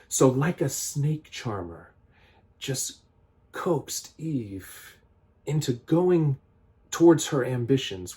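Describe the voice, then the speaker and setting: A man reading scripture aloud and explaining it in an earnest, critical commentary, pausing often and restarting his sentences. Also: medium pitch, darkish tone. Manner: reads scripture aloud, then explains it with many restarts and fillers. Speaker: vlogger giving political commentary.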